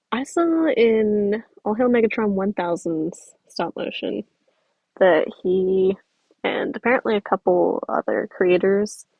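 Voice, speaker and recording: A woman's voice: mid-range voice, vocal fry, darkish tone, breathy edge, no room sound, low-quality recording. A woman streaming as she edits a stop-motion video, talking casually and answering viewer comments while she works. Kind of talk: casual livestream chat.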